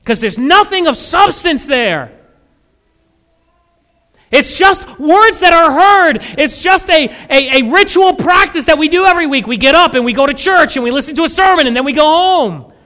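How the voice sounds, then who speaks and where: A male pastor preaching in a church sanctuary, his voice sitting very high and ringing bright. He swings between quiet explanation and sudden shouted bursts as he acts out the people in his stories. The sound carries a long reverb from the large hall. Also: normal speed. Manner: animated preaching, voice leaping high and loud to act out voices of churchgoers. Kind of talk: sermon.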